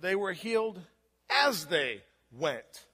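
A man's voice: high-pitched, sing-song, takes it slowly, sharp tone, breathy edge. A man preaching a sermon as a pastor in a conversational way, often checking in with rhetorical questions. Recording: long hall reverb.

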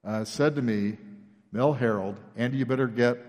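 A man's voice: mid-range voice, moderate pace. A man preaching a sermon, telling stories from his past and acting out the people in them. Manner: animated storyteller, acts out quoted people. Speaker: pastor. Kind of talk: sermon storytelling. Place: church sanctuary. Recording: long reverb of a large church hall.

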